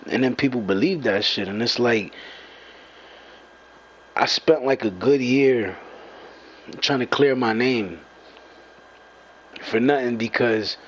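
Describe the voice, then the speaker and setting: A man's voice: mid-range voice, slow pace, long pauses, a little hiss or hum, poor audio. A young man in an angry, profane rant, repeating himself and confronting the people talking about him. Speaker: gamer venting to followers.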